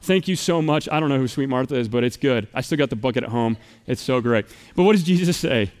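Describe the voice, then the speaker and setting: A man in his thirties from the United States, preaching a sermon as pastor, storytelling with playful, animated asides. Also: mid-range voice, quick pace, clear, resonant tone.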